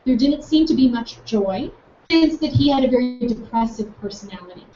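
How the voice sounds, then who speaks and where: A woman's voice: a little high, moderate pace, soft background music. A young adult woman telling a personal story with enthusiasm, acting out both sides of a conversation. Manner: enthusiastic, animated, acts out both sides of the dialogue. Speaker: speaker recounting a campus conversation. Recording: echoey, distant, dull room sound with faint noise.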